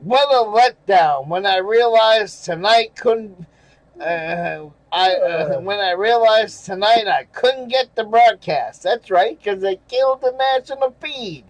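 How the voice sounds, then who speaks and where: A man's voice: high voice, takes it slowly, no room sound, low-quality recording. An older man reading viewer comments aloud and ranting angrily, sarcastic and swearing, with bitter chuckles. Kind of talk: casual rant over screenshots.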